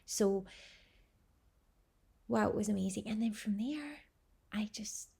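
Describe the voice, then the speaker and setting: Young woman vlogger, gravelly mellow voice, talks in big gushing superlatives. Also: mid-range voice, takes it slowly, long pauses. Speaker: vlog host. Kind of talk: personal birth story vlog.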